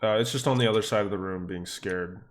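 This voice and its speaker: A relaxed man running a tabletop game as game master. He describes scenes loosely, with frequent fillers, in a mid-pitched voice. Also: fast, slight background noise.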